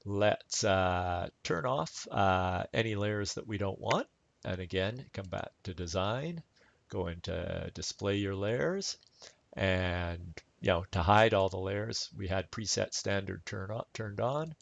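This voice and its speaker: A man giving a relaxed, chatty step-by-step software tutorial over a screen recording. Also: deep voice, slow, gravelly, no room sound, dull audio. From Canada. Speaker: instructor.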